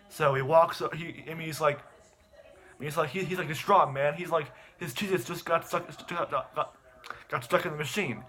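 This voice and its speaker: A man's voice: a little high, steady tone, normal speed, bright, forceful tone. A man casually retelling a story in a rambling way, restarting often. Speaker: video host. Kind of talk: casual rambling plot recap.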